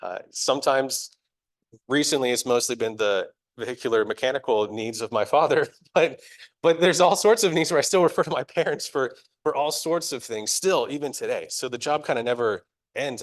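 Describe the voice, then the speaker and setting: A young adult man preaching live in a church, talking in a casual, chatty and self-deprecating way, often laughing at himself. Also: mid-range voice. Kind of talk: conversational sermon.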